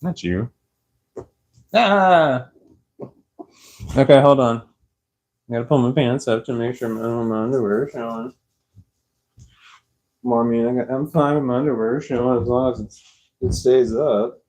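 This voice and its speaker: A young man rambling slowly on a live stream from his sofa, tired and a little slurred, laughing often. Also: medium pitch, a little mellow. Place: dark room on a sofa at home. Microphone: clip-on microphone.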